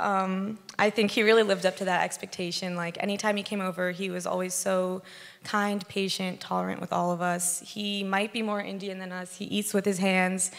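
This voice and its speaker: A woman's voice: mid-range voice, gravelly. A young woman from the bride's family giving a casual wedding toast, with many likes and ums, in a reception hall. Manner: casual, filler-heavy with frequent likes. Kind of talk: wedding speech. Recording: reverberant hall.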